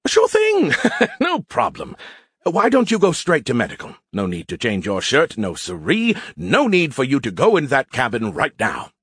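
A male narrator voicing a smug, sarcastic male AI that lives in a beer can, teasing in a high, excitable voice. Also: moderate pace, few pauses, husky, no room sound, studio quality, full character voice.

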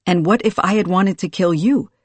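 A narrator voicing a wary exiled female warrior who talks back in a sharp, challenging way in an audiobook. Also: lowish voice, moderate pace, dry recording, lightly acted. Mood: wary, defiant.

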